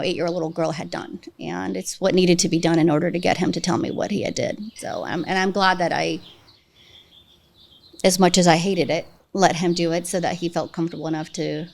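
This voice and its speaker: Earnest, measured woman detective, lowish voice. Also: creaky. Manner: earnest, measured, reflective storytelling. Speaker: police detective guest. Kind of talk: interview answers.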